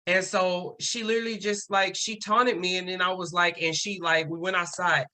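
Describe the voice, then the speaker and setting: A man's voice: sits high, level tone, moderate pace, pushed and bright. A man guesting on a podcast, telling a story in casual chat and acting out the people he quotes.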